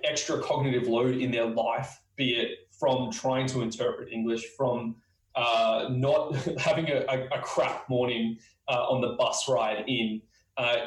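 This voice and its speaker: A man from Queensland with an Australian accent, talking fast with many fillers and restarts as he teaches interviewing technique. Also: medium pitch, reverberant, recorded from a distance, low-quality recording. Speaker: user research instructor. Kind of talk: spoken lesson on interviewing.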